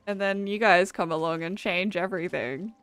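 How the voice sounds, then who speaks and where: A woman's voice: fairly low pitch, moderate pace, fairly bright tone, clear, resonant tone, no echo, faint music behind. A young Australian woman chatting casually with her viewers while playing a game, laughing often and swearing freely. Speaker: streamer. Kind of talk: casual chat while gaming.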